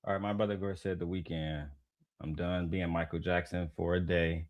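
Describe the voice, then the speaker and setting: A man's voice: deep voice, flat delivery, normal speed, dry recording, muffled recording. A man hosting a casual show, talking loosely and profanely and joking with his viewers between songs. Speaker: show host.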